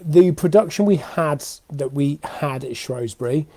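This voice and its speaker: A man's voice: fairly high pitch, a little slow, warm tone, no echo. Worn-out man rambling live from home. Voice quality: tired, rambling with many fillers and restarts. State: exhausted. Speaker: host of a weekly live show. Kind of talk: unscripted live-stream chat. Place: home, indoors. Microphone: webcam or computer mic for a live video.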